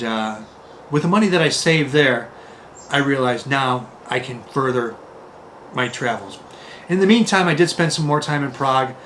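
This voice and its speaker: A man's voice: medium pitch, a little hiss or hum. Rambling middle-aged man spinning yarns. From Chicago, USA. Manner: rambling, animated, many "you know" fillers. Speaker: guest telling travel stories. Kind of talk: casual storytelling.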